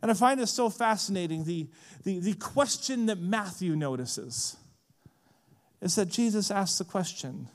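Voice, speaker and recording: A man preaching a sermon, swinging from quiet, low asides to impassioned, rising appeals. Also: expressive, a little slow. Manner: impassioned, rising to shouts then dropping low. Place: large event hall.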